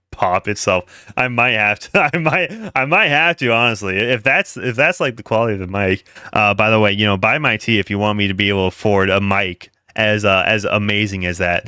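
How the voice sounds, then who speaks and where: Man, casual commentary host, bright tone, rambling asides. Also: on the low side, clean tone, no echo, studio quality. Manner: rambling, lots of fillers and asides to chat.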